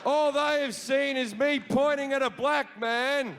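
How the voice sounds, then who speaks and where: Brash, gravelly Australian comedian. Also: male voice, very high-pitched, a little slow, a crowd in the background, noisy background. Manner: brash, profane storytelling. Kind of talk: stand-up comedy.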